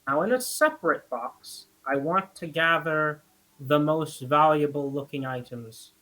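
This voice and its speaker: A man playing a tabletop game who thinks out loud, hesitating and pausing to gather his thoughts. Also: a little high, poor audio. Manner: hesitant, thinking aloud with pauses. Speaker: player.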